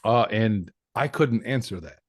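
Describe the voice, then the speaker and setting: Male podcast guest, 40s, deep-ish and dry, frank and reflective. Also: expressive, a little slow, no room sound. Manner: candid, reflective storyteller. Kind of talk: personal life story in conversation.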